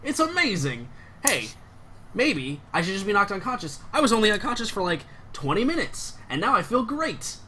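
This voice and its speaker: A man's voice: medium pitch, animated, moderate pace, a crowd in the background, natural voice. A man voicing a boastful, cheerful male warrior who lives for glory and hasn't slept in days. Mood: chipper. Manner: cheerful, boastful, self-important.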